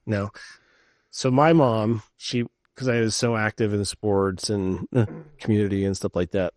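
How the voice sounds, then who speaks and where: A middle-aged man co-hosting a casual podcast chat, telling stories in an animated way and swearing freely. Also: lowish voice, a little slow, no room sound, clean studio sound. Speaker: podcast co-host.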